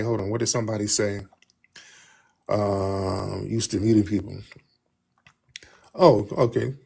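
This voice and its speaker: Husky-voiced man, blunt livestream host. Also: medium pitch, darkish tone. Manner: blunt, mocking, repetitive. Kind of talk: casual livestream talk.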